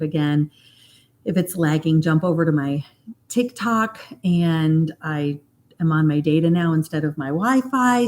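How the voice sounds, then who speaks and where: A middle-aged woman hypnotherapist talking casually to her livestream viewers, chatty and animated, slowing down to stress a point. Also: sits low. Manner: chatty and animated, slows down for emphasis.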